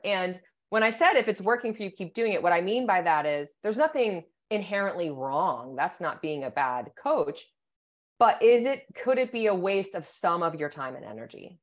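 A woman's voice: lowish voice, animated, moderate pace. A woman, a sports psychologist, explaining her ideas thoughtfully in a podcast interview, often checking in with "right?" and "you know".

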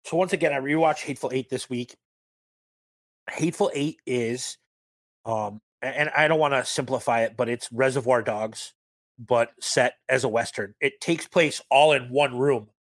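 In a dry recording, a man speaks at medium pitch and moderate pace as a podcast co-host in a casual film chat. He's excited and foul-mouthed, quoting movie scenes in put-on voices.

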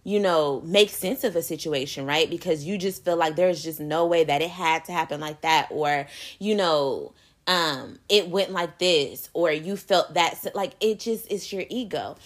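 Young woman, casual motivational talk, emphatic and candid, swears, lowish voice. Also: measured pace. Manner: candid, emphatic, swears freely, calls listeners baby.

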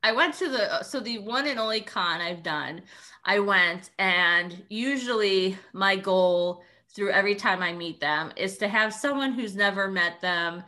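Bright young woman cohosting a podcast, chatty and animated storyteller. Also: mid-range voice, unhurried. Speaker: podcast co-host. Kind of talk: casual podcast chat.

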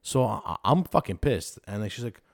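Guy with a low gravelly voice, talks fast, swears a lot telling a story, dry close sound. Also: expressive, no room sound. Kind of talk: casual chat, storytelling.

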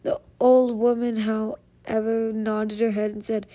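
Lady reading a fairy tale out loud, slow, kinda flat, stumbles now n then. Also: a little high. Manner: slow, measured reading with small slips and restarts. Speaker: storyteller.

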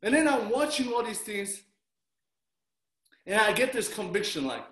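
A man preaching a sermon as pastor, telling stories with animated delivery and acting out his own reactions. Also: high voice, moderate pace, long pauses. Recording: roomy echo.

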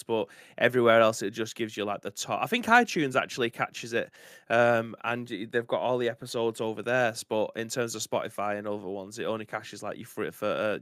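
A man co-hosting a gaming podcast from home, talking in a relaxed, rambling way. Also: medium pitch, no echo, clean studio sound. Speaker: podcast co-host. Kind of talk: casual live-stream chat.

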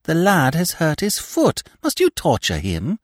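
An indignant young woman, as a male storyteller puts her on, scolding sharply. Her pitch climbs high and swings widely, in a close dry sound. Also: wildly swooping pitch, unhurried, dry recording, exaggerated voice. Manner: indignant, reproving.

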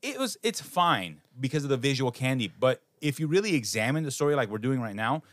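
A man co-hosting a podcast, reviewing a film in casual banter, animated and profane, with a lot of halting restarts. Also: mid-range voice, no room sound, studio quality. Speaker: podcast co-host.

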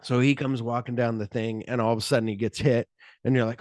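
A man's voice: medium pitch, little pitch movement, fast talker, a little mellow, no echo, studio quality. A man co-hosting a podcast, retelling a film's plot in casual chat and acting out the characters' lines, swearing freely. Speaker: podcast co-host.

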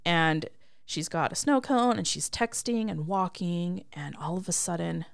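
A woman's voice: lowish voice, a little slow, gravelly, dry recording, studio quality. A woman co-hosting a casual chat, agreeing often and walking through the plot. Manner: affirming, chatty, walks through plot points. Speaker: podcast co-host. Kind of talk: casual chat about a movie.

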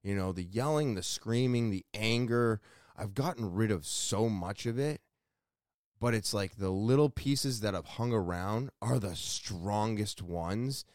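A man's voice: lowish voice, unhurried, a little mellow, no echo. A man hosting his own podcast, speaking in a candid, self-critical solo monologue that rambles with restarts, close on a mic in a small room. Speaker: podcast host.

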